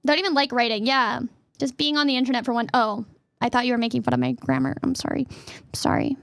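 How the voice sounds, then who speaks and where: A woman streamer chatting casually and reading questions aloud, giggly and playful, sometimes bursting into a yell. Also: a little high, fairly even intonation, fast talker, vocal fry, no echo, clean studio sound.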